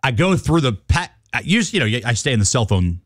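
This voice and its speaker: A man co-hosting a morning radio show, telling a self-mocking story in a quick, casual way. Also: mid-range voice, big pitch swings, no room sound, clean studio sound.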